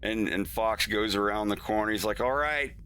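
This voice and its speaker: A man's voice: fairly low pitch, flat delivery, moderate pace, fairly bright tone, slight background noise. A man chatting casually on a stream about his cartoon's scenes, rambling, laughing often and acting out his characters' lines. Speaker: animator streaming his work.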